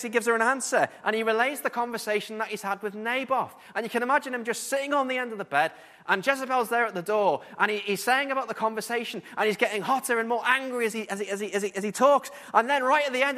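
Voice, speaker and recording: A man preaching a sermon, earnest and animated, often repeating words as he builds his point. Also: sits high, fairly quick, long reverb tail.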